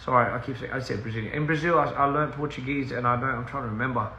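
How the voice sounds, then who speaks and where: A touring musician chats very fast in a gravelly, bright, mid-range voice during a loose livestream. He drifts off topic and laughs at himself, recorded on a phone in an echoey room of a house with a faint hiss behind him.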